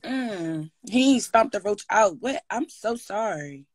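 A woman's voice: mid-range voice, expressive, slow, dry recording. A woman chatting casually on a livestream, teasing and reacting as she listens to a story. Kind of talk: casual chat.

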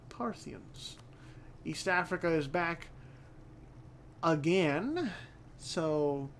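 A creaky, fairly high male voice carries this relaxed strategy game let's-play, with soft background music playing faintly. The channel host thinks aloud, drops frequent swears, and keeps tripping over his sentences.

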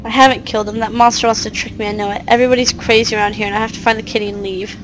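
A woman's voice: on the high side, little pitch movement, rapid-fire, music in the background, lightly acted. A woman voicing a troubled young girl who pleads anxiously with her cat and the adults around her. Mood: pleading.

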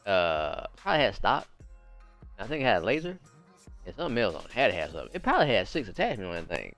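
A young man casually commenting on his own gameplay as host, slangy and animated, repeating phrases and yelping when excited. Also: lowish voice, quick pace, faint music behind. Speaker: gaming channel host.

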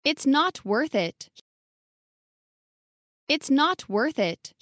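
Female English lesson reader: slow, clear sentence drills, bright singsong pitch, dry close sound. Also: big pitch swings, no room sound. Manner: reads each short sentence twice.

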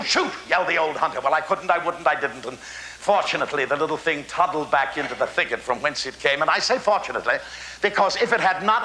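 A hearty, chuckling old statesman spins his tales. His high, bright voice leaps all over the place, exclaiming and savoring each word, and the sound rings around a roomy, echoey stage. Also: a little hiss or hum, heavily acted. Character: hearty, exuberant older male statesman telling hunting tales. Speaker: actor in a one-man stage show. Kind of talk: theatrical storytelling monologue.

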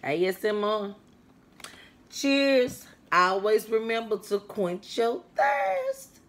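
A young woman chatting loudly and playfully to her viewers while eating a meal on mic. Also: mid-range voice, very animated, slow. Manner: chatty, loud and playful, talks to viewers as friends; eats on mic between remarks, with mouth sounds. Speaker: food vlogger. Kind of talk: casual mukbang eating vlog.

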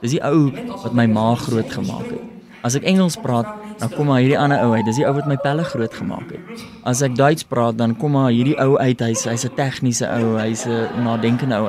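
A man, a musician guest telling stories in casual interview chat and switching between languages. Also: medium pitch.

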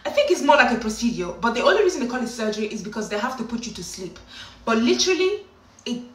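A woman vlogger telling her own story in a casual, animated, dramatic way, often breaking into laughs. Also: on the high side, fast talker. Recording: roomy echo, mic at a distance.

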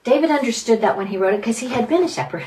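A woman's voice: on the high side, expressive, rapid-fire, warm tone. A woman teaching a Bible study group in a conversational style, earnest and dwelling on single words. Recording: distant mic, faint background noise.

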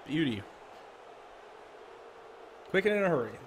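A man's voice: a little high, very animated, a little slow, a little hiss or hum. A man streaming a hockey video game, chatting casually and swearing at the plays. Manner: profane, grumbling at the game. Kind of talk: casual gameplay commentary.

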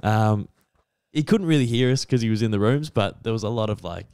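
A man's voice: mid-range voice, quick pace, clear, resonant tone, no room sound, studio quality. A young Australian man on a casual podcast, telling stories eagerly with lots of fillers and restarts. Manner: excitable storyteller, many fillers and restarts. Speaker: podcast co-host.

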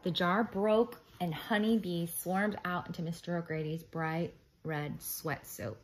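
A woman reading a children's chapter book aloud in an animated storytelling voice. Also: fairly low pitch, unhurried, rough recording. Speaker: reader.

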